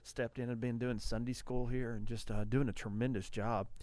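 A man co-hosting a Christian radio show, telling family stories in an animated, casual way. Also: mid-range voice, normal speed. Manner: animated storyteller, acts out quotes. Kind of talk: casual faith talk on radio.

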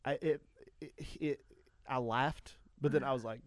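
A man hosting a radio talk show in casual chat, an animated storyteller with frequent restarts. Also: mid-range voice, normal speed, dry recording.

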